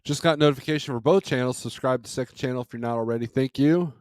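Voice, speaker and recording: A man's voice: mid-range voice, racing, a little mellow, clean tone, dry recording, clean studio sound. A man hosting a casual livestream from home, rambling in an easygoing way and chuckling often, speaking into a microphone. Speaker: livestream host. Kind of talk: casual live chat. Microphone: desk microphone.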